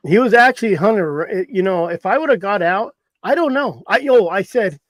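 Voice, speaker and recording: A middle-aged hunting guide tells a story in a loose, folksy ramble and chuckles at his own tale. His voice sits a little high. The sound is dry and close, with no room around it. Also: animated, brisk, few pauses, no echo. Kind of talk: casual storytelling.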